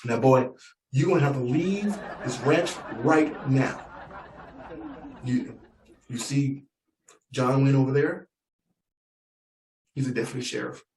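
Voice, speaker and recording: A man's voice: medium pitch, takes it slowly, long pauses, darkish tone. A man voicing a bossy, threatening male rancher who is proud of his guns and keeps calling the listener "boy", in a blustering manner. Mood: menacing. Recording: echoey room, distant mic, faint noise.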